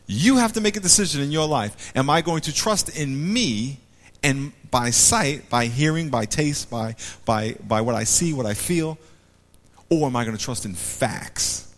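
A man preaching a sermon, animated, acting out voices and swinging between loud and hushed. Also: on the high side, normal speed. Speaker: pastor. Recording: long hall reverb.

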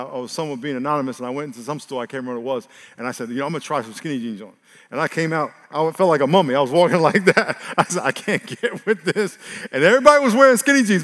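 A pastor delivers a lively, funny sermon, swinging between loud exclamations and quiet asides, laughing a lot and getting the congregation to repeat his words. His voice sits fairly high, and a long reverb tail trails each line.

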